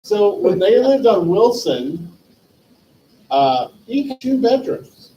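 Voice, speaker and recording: This memorial stream host speaks slowly in a high voice, sharing an animated, heartfelt eulogy that rambles through memories of an old friend and acts out their old dialogue. The sound is lo-fi with a little hiss or hum, captured by a distant mic with faint room ambience.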